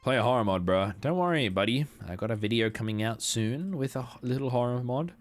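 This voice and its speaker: A man's voice: mid-range voice, lively intonation, fairly quick, soft background music. A young man live-streaming a game, chatting casually with his viewers, swearing freely and rambling between jokes. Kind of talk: casual live-stream chat while gaming.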